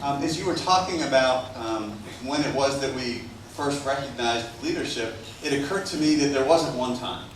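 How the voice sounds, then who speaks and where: A man's voice: mid-range voice, moderate pace, hardly any pauses, a little hiss or hum. Reflective man asking from the floor. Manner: thoughtful, reflective questioner. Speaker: audience member asking a question. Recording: very echoey hall from far off.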